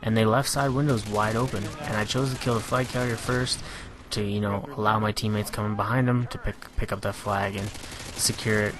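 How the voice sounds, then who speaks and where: A man giving a relaxed, analytical voice-over on his own competitive match, filling pauses with "you know". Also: fairly low pitch. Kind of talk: gameplay commentary voice-over.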